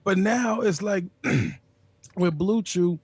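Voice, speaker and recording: A man's voice: high voice, very slow, husky, no echo. A man doing a crude, brash stand-up set from home over a video call. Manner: crude, brash, swearing freely. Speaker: stand-up comic.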